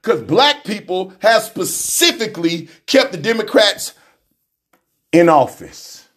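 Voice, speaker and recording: Man, radio host, high voice, fiery preacherly rant, repetitive and shouty. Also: big pitch swings, slow.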